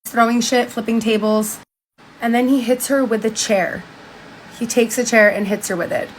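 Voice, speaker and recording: A woman's voice: on the high side, steady tone, moderate pace, a little hiss or hum, rough recording. Chatty woman recapping a book. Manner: chatty, lots of "like", exclaims in disbelief. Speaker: commentator. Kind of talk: casual commentary retelling a book.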